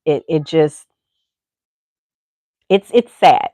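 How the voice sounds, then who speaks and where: A woman with a low, deep voice talks in a loose, rambling way and keeps dropping "you know" into her sentences. The sound is dry and close, with no room echo. She speaks as a podcast host sharing frank thoughts. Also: very slow, warm tone. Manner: candid, rambling, full of "you know" asides. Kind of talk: casual chat.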